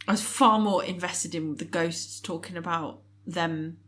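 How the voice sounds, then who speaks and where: Teary, halting woman co-host. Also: fairly low pitch, steady tone, fairly bright tone. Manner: emotional, teary, halting with many fillers. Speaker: podcast co-host. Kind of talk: casual chat.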